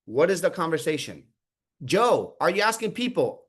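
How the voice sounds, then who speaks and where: A man coaching his team over a video call, his voice sitting a touch high. He swings his pitch widely as he fires off rhetorical questions and acts out sample lines. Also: moderate pace, husky. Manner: animated, asks many rhetorical questions, acts out sample conversations. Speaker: team leader running a sales training call. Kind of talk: coaching on a group call, calling on people by name.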